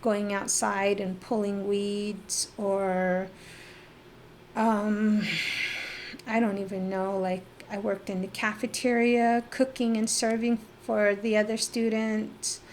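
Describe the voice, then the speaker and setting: A middle-aged woman from northeastern Arizona, recounting her life as an interview guest, reflective and halting, with pauses and fillers. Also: mid-range voice, level tone, darkish tone, a little hiss or hum. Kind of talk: personal life-story interview.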